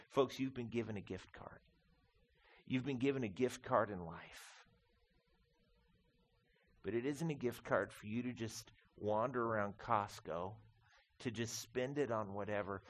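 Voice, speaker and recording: A middle-aged male pastor preaching a conversational sermon, calling the congregation "folks" and swinging between quiet reflection and loud emphasis. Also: medium pitch. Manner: conversational, addresses listeners as folks.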